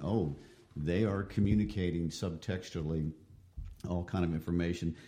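A man's voice: deep voice, dark tone. A man in a casual book discussion, talking in a thoughtful, reflective way. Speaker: co-host discussing a novel.

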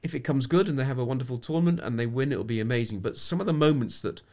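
This middle-aged Englishman talks fast in a mid-range, slightly mellow voice. He's a sports psychologist on a podcast, telling stories reflectively and anecdotally and often starting his sentences over.

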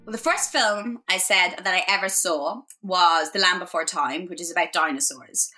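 An Irish woman in a casual podcast chat, telling stories in a lively, animated way with plenty of fillers. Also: on the low side, normal speed, faint music behind. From Ireland. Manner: chatty, animated storytelling with many fillers. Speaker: podcast guest.

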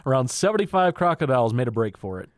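A man co-hosting a podcast, reading out odd news stories in a relaxed, amused way. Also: medium pitch, no room sound, studio quality. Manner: laid-back, reads news items with quick laughs. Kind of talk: casual chat.

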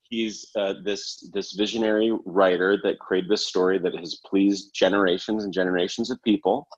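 Male host, very deep and husky, loose rambling delivery, dull lo-fi recording. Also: steady tone, moderate pace. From Canada. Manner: rambling, self-correcting, laughs often. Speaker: podcast host. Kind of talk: casual chat.

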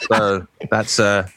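A man's voice: lowish voice, background noise. A man hosting a comedic podcast chat, swearing freely and laughing often. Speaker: podcast host.

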